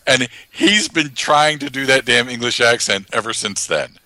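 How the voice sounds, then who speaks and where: A man co-hosting a casual, joking chat, animated and full of sudden pitch jumps. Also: moderate pace, no room sound. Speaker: podcast co-host.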